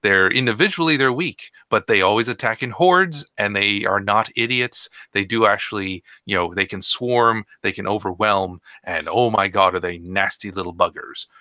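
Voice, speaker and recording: A man's voice: fairly low pitch, normal speed, few pauses, pushed and bright, no room sound, clean studio sound. A man co-hosting a casual podcast, talking enthusiastically and drifting into tangents. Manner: enthusiastic, tangent-prone, with restarts. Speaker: podcast co-host. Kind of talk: casual rambling chat.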